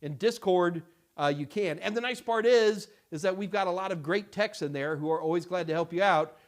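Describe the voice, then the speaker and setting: A middle-aged man hosting a casual live-stream Q&A, talking in a rambling, halting way with many fillers and restarts. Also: high voice. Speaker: host answering viewer questions.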